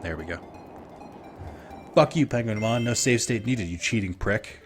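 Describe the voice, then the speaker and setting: A man's voice: lowish voice, moderate pace, long pauses, soft background music. A man from Minnesota giving casual, profane commentary on a video game he is playing while chatting with his viewers. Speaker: let's play streamer.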